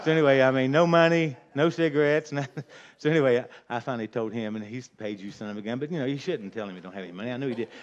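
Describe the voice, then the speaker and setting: An older man talks very fast at medium pitch, barely pausing, as he spins a folksy, rambling tale about a prank. He chuckles throughout, and the lo-fi recording sounds dull.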